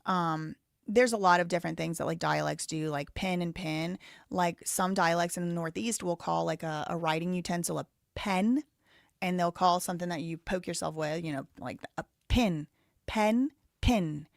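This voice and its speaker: Hosting a live show, a Southern American woman with a fairly low, creaky voice chats casually at normal speed, thinking aloud and reading viewer donations and messages. Her sound is dry and close, with no room sound.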